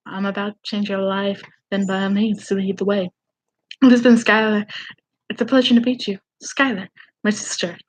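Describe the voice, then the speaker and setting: A woman rapping the part of an earnest, confident young man, dropping her voice lower. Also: flat delivery, normal speed, lightly acted. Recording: dull lo-fi sound.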